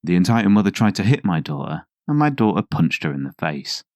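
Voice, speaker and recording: A man reads reddit stories aloud in a scripted, conversational narration. His voice sits very low, and the recording is close and dry. He drops in sardonic asides along the way. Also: big pitch swings, a little fast, a little mellow, no room sound.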